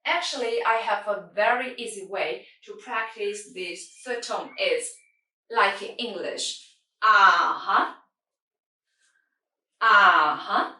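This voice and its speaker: Patient woman teaching tones, slow pace, echoey room off-mic. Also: mid-range voice, sharp tone, distant mic. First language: Mandarin Chinese. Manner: patient, simple non-native English, sings out tone demonstrations. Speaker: Mandarin teacher. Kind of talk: language lesson.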